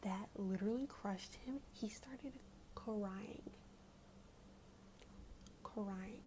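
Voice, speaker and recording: A woman's voice: medium pitch, dark tone, slight background noise. A young woman telling a story in whispered ASMR storytime, chatty and full of fillers, close to the mic at home. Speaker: ASMR creator.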